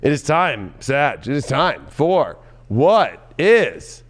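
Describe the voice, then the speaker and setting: A man giving a tarot reading in an excitable, loud and profane way, often breaking into laughter. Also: mid-range voice, slow pace. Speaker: tarot reader.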